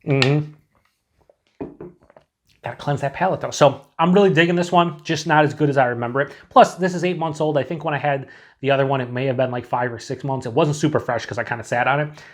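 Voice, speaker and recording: A man's voice: medium pitch, brisk. Casual male beer reviewer, rambling and profane, mid-range voice. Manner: chatty, rambling, swears freely. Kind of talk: casual tasting review to camera.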